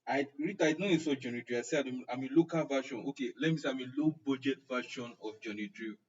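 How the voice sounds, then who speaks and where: Speaking quickly in a mid-range voice with a breathy edge, a young Nigerian man teaching an online class chats and jokes, answering viewers' comments by name. The live-stream sound is muffled and distant.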